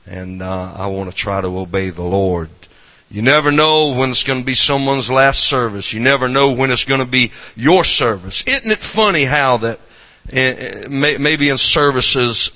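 A man's voice: medium pitch, sharp tone, in a large hall. A man with a Southern accent from South Carolina, preaching a folksy revival sermon to a congregation and dropping in frequent amens.

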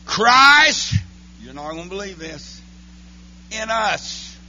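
A man preaching a holiness church sermon, chanting his lines between breathy "uh, amen" beats. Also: high-pitched, sing-song, slow, pushed and bright, dull audio. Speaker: pastor. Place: church sanctuary.

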